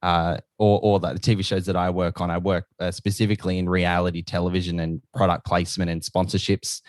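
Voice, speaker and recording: Australian man, podcast guest, casual chat, very deep voice, dry sound. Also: little pitch movement, a little fast, no room sound.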